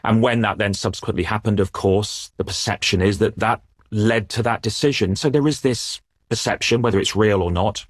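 Low-voiced sports editor. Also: male voice, no room sound, studio quality. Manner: measured, thoughtful, with frequent restarts. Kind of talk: reflective news interview answers.

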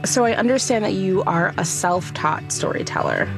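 Woman interviewer asking questions, clear music under her voice. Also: medium pitch, expressive, normal speed, rough recording.

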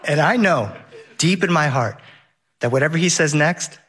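A man telling a lively personal story on stage, vivid and laughing along the way. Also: fairly high pitch, normal speed, slightly rough.

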